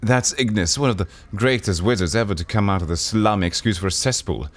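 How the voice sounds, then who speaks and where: A man's voice: fairly low pitch, brisk, close to an everyday voice. A man voicing a despairing, sardonic aging woman who turns frantic and pleading, read from a game. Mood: weary sardonic. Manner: wistful, then frantic and pleading.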